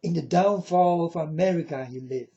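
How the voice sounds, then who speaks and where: A man with a high, mellow voice speaks slowly in an earnest, halting religious monologue, his phrasing not quite native. The recording is dull and lo-fi. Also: vocal fry. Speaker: religious video maker.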